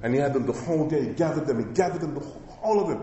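A male pastor preaches with emphatic repetition and keeps asking the congregation questions. His voice sits a little higher than most men's. It rings through a large hall with long, lingering reverb. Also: lively intonation, rapid-fire, mellow. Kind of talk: sermon.

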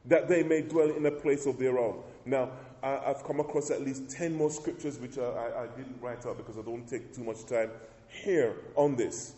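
A man's voice: medium pitch, moderate pace, dark tone. A man preaching a sermon as pastor, calling out to the congregation and reading scripture with rising emphasis. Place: church. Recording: echoey church hall.

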